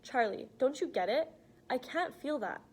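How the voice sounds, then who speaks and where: Woman reading earnest teen girl, soft but insistent, slightly high voice, audiobook. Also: expressive, moderate pace, slightly rough. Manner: earnest, pleading, soft-spoken. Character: teenage girl, earnest and frank.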